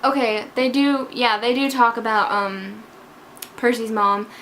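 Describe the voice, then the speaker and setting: A female book vlogger with a fairly high, fairly bright voice speaks at a measured pace with fairly even intonation, and there's slight background noise. In a casual vlog she gushes over a book she loved, scatterbrained and emotional as she jumps between parts.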